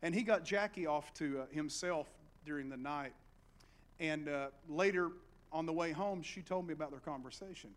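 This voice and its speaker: A middle-aged man preaches with an Appalachian accent, in a voice set a little high for a man. He moves from quiet, close storytelling to loud, rousing exhortation. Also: normal speed. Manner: animated, with big swings between hushed storytelling and loud exhortation. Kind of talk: sermon.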